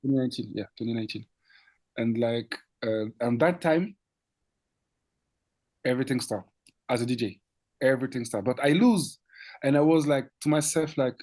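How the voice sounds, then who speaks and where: Man, lively storytelling DJ. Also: mid-range voice, normal speed, pauses often. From France. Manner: animated, laughing, acts out quoted dialogue. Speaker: DJ guest. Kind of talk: casual storytelling interview.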